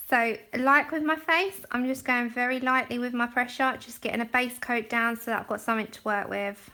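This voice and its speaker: On her livestream, this art host talks casually through her colouring process and gives shout-outs to viewers by name. Her voice sits a little high, with a steady, sharp tone at a normal speed.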